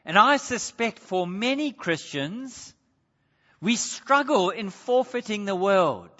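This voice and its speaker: A man preaching a sermon in an earnest, deliberate, emphatic way, recorded in a church hall. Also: sits high, bright, forceful tone. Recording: dull, reverberant hall recording.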